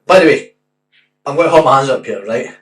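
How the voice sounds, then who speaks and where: A man's voice: medium pitch, fast. A Scottish man in his twenties, a podcast host telling stories in casual chat, swearing often. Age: 20s. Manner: swearing, animated storytelling. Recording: roomy, distant mic with faint hum.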